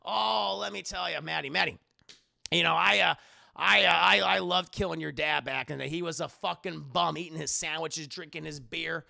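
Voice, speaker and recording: Man doing a loud, boastful crime boss: gravelly and bright, mocking and crude. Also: fairly high pitch, moderate pace, no echo, exaggerated voice. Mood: gloating. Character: hulking gloating male crime boss.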